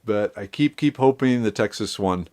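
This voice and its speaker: Speaking at a normal speed in a voice on the low side, this middle-aged man runs a live stream. He rambles easily, keeping things casual and welcoming viewers by name.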